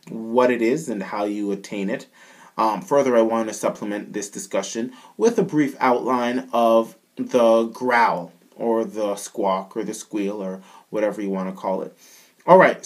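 A man with a Canadian accent giving a casual singing lesson as a vocal coach, often checking in with the listener. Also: mid-range voice. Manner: casual, keeps checking in with "all right?".

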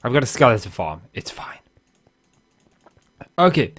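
A man's voice: medium pitch, big pitch swings, unhurried, pauses often. A young man hosting a casual video game let's play, talking in a chatty, rambling way with fillers and asides. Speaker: Minecraft let's play host. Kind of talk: casual gameplay commentary. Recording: faint guitar music behind.

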